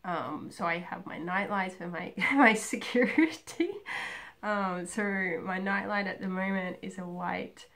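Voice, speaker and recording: A young woman chatting casually and rambling about herself in a home video, with many pauses and "um"s. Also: mid-range voice, fairly bright tone. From Australia. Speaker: craft vlogger. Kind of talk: casual personal chat.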